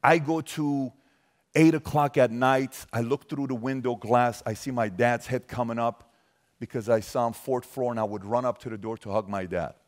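Casting note: man, 40s, from Iran, punchy motivational speaker working a crowd, moves from loud to soft and intimate. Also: medium pitch, normal speed. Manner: energetic, emphatic, questions the audience directly. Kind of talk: motivational talk to a live audience.

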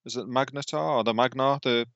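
Chatty man with a bright, dry voice. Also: medium pitch, steady tone, fairly quick, no echo, highs cut off. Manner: chatty, asks questions, trails off and restarts. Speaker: podcast co-host. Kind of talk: casual chat.

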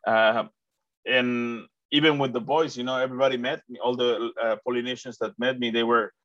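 A man from Mexico interviews a guest in a casual chat, rambling with many restarts and acting out quoted voices. His medium-pitched voice is steady and fairly bright, moving fairly quickly; the recording has no echo but the highs are cut off.

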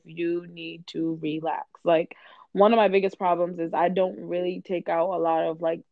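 A young woman talks candidly and swears freely in a casual chat, slipping into quoted back-and-forths as she tells her stories. Her voice sits a little low, and the recording is dull and lo-fi, with a dry, close sound. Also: no room sound. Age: young adult. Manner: candid, profane, acts out conversations.

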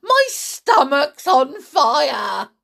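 A woman voicing a cranky old grandmother who yells shrilly in a storybook reading. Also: very animated, drawn-out words, gravelly, heavily acted. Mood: panicked yelling. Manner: shrill yelling.

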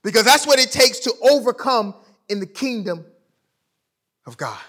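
Male preacher, high bright voice, emphatic sermon delivery with big dynamic swings. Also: animated, moderate pace. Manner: emphatic, swings from loud to quiet; conversational, illustrates with sports stories.

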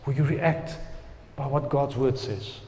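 A male pastor preaching a sermon, swinging between loud emphasis and hushed asides. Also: mid-range voice, takes it slowly. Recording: long hall reverb.

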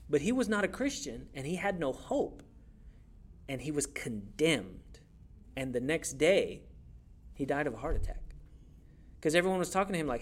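A young man preaching a sermon in a church, conversational and animated, acting out quotes as he goes. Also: fairly high pitch, moderate pace. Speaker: youth pastor.

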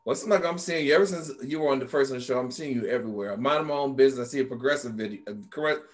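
A talk show host, a man with an ordinary mid-range voice. He keeps the chat going with easy questions and a steady stream of yeahs. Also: medium pitch, racing. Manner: encouraging, frequent backchannel yeahs. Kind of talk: casual interview chat.

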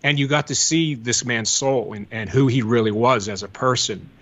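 A man's voice: medium pitch, moderate pace, fairly bright tone. An older man from the Pittsburgh area, rambling through memories in a casual podcast chat. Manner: reminiscing, rambling storyteller. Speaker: guest. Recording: dull lo-fi audio.

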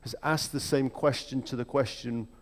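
A man preaching a sermon in a reflective, measured way, with emphatic rhetorical questions. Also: mid-range voice, steady tone. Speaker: pastor. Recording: long hall reverb.

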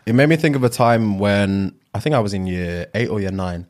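A young man in casual chat, relaxed, laughing along and adding quick remarks. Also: fairly low pitch.

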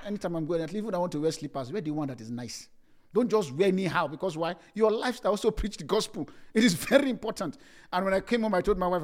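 A man's voice: a little high, a bit bright. A young adult male pastor preaching a sermon, reading scripture aloud and telling humorous personal stories to his congregation. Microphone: streamed service mic.

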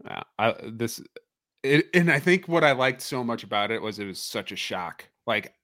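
Agreeable man with lively speech. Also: mid-range voice, dry recording, clean studio sound. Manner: agreeable, short interjections, halting restarts. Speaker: podcast co-host. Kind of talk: casual chat.

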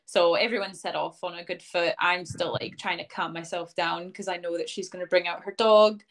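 A woman's voice: fairly low pitch, steady tone, brisk. Chatty young woman telling a story. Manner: chatty, many fillers like "um" and "like", acts out quoted speech. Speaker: interview guest, dog owner. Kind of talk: casual storytelling in a podcast interview.

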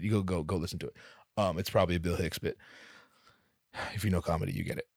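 A man hosting a solo comedy podcast, telling a rambling, profane, self-deprecating story, his voice jumping up in sudden animated bursts. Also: low-pitched, fast talker, gravelly, pauses often, breathy edge, dry recording, clean studio sound. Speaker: podcast host.

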